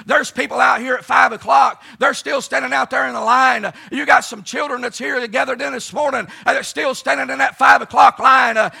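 Middle-aged preacher, man, shouted camp-meeting sermon, bright and husky delivery, folksy. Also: very high-pitched. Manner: fervent, folksy storytelling with frequent "uh" and "let me tell you something".

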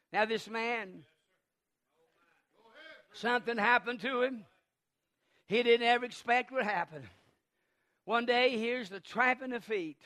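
A man preaching a sermon, impassioned and swelling into shouts. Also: very high voice.

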